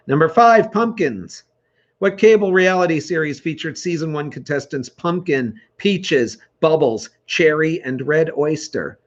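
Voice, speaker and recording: A man's voice: on the high side, dull audio. A middle-aged man hosting an online trivia night, reading questions and answers with dry teasing humor. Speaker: trivia host. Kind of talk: reading quiz questions and answers, joking banter.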